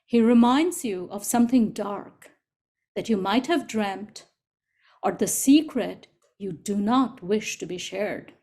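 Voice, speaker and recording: Slow, gentle woman reading aloud. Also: medium pitch, expressive. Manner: gentle, unhurried, deliberate. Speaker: co-facilitator. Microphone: video call.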